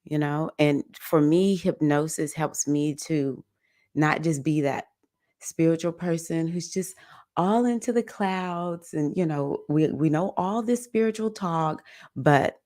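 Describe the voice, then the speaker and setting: A woman's voice: deep voice, measured pace, darkish tone, dry recording, clean studio sound. A woman, a young-adult livestream host and mindfulness teacher, chatting casually with viewers, laughing often and rambling through fillers. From United States. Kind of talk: casual chat reading viewer comments.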